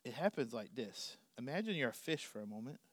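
A middle-aged male pastor preaching a sermon, animated, swinging between loud emphasis and quiet asides. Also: medium pitch, fairly quick.

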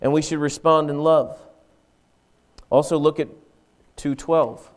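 A man preaching a sermon as pastor, in a conversational style, full of rhetorical questions and quick acted-out asides. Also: on the high side, fairly even intonation.

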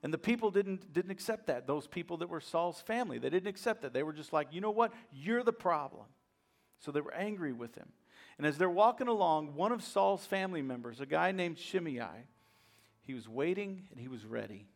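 A male pastor preaching a sermon, retelling a story dramatically and swinging from hushed lines to loud, emphatic ones. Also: on the high side, lively intonation, fairly quick, gravelly.

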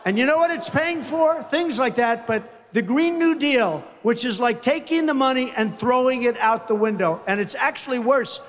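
A man's voice: extremely high pitch, normal speed, few pauses. A man giving an emphatic public speech, drawing out his words. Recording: echoey hall with faint ambience.

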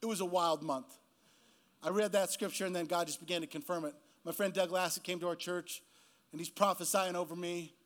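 A man's voice: high voice, a little fast. A man in his fifties, a guest pastor preaching a sermon in a church, telling stories and acting out the people he quotes. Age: 50s. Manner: animated storytelling preacher who acts out quoted voices.

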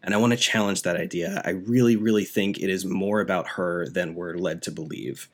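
Excitable man reviewing a movie. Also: sits low, a little fast. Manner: enthusiastic, rambling, laughs often. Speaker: podcast co-host. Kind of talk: casual movie review chat.

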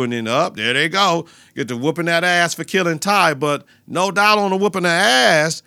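A man hosting a podcast, recapping a TV episode in a loose, animated way, slipping into the characters' lines and laughing as he goes. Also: fairly high pitch, moderate pace, vocal fry, dry recording. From Milwaukee, Wisconsin. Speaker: podcast host.

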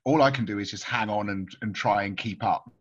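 A man, a comedy voice actor, chatting in an interview, halting and stumbling over his words. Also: on the low side, breathy edge, lo-fi sound. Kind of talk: casual interview chat.

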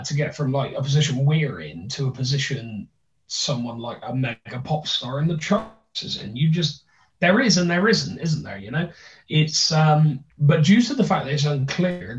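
Bristol lad rambling on a podcast, thick accent, slightly high voice, dull lo-fi sound. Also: male voice. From Bristol, England. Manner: rambling, hesitant, many restarts and fillers. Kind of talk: casual chat. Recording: roomy, distant, dull sound.

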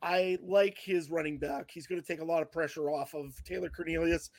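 High-voiced man on a dry mic. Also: fairly even intonation, brisk, dry recording. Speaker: podcast co-host. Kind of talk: casual sports roundtable chat.

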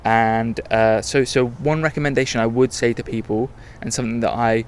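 A man's voice: medium pitch, steady tone, moderate pace, slight background noise. A young man hosting a podcast, talking candidly in a rambling, self-correcting monologue. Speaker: podcast host. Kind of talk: casual travel podcast monologue.

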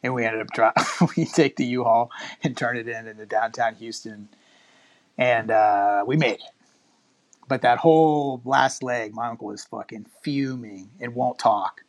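A man's voice: medium pitch, a little slow. Profane man telling a rambling story. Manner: profane, rambling, animated, quotes others in voices. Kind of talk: casual storytelling.

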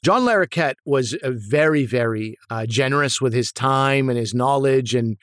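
A man's voice: medium pitch, moderate pace, a bit bright, clear, resonant tone, no echo. A man speaks in an everyday middle register, telling set stories in a loose, rambling way full of restarts and side remarks. The sound is dry and close, with no room around it. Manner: rambling storyteller, many restarts and asides. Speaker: actor guest. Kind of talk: casual interview anecdotes.

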